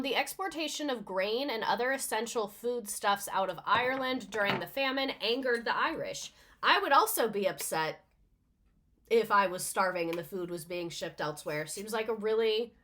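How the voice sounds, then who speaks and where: A woman's voice: fairly high pitch, fairly bright tone. A young adult woman, a teacher, reading a text aloud in a casual way and breaking off for chatty, sarcastic comments with plenty of swearing.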